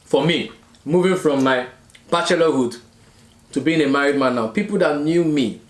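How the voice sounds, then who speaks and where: A man's voice: on the high side, moderate pace, roomy sound. A man in his thirties, a marriage coach co-hosting a casual mukbang chat, talking in an earnest, preachy way and checking in with viewers. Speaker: relationship and marriage coach, co-host.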